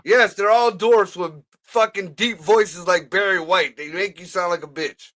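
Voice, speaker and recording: A man co-hosting a podcast, blunt and profane, telling loud stories in casual chat. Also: sits high, measured pace. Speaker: podcast co-host.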